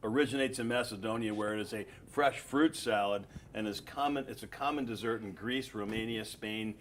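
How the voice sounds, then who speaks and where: A chatty man hosting a relaxed food talk show, with a lowish voice. He jokes around with his guests and keeps throwing in quick agreement. A faint hiss sits under him. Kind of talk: casual interview chat.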